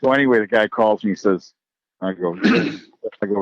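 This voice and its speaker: A low-pitched man with years behind a track microphone spins a story in a relaxed podcast chat, putting on the voices of the people in it. The recording is dry and a little dull, with no room sound. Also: fairly quick, no room sound. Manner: animated storyteller acting out quoted voices. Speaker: drag racing track announcer.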